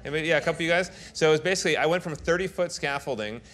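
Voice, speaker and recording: A man telling animated stories on stage to a live audience, playing to the crowd. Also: on the high side, very fast. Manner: animated storyteller who plays to the audience. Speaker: TV host talking with an interviewer. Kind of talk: lively on-stage anecdotes.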